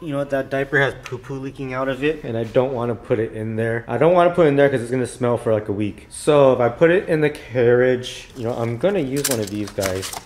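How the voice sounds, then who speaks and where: A man's voice: mid-range voice, fast talker, hardly any pauses, a little mellow, slight background noise. A young man casually vlogging as a father, talking in a playful, teasing way. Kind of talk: casual family vlog.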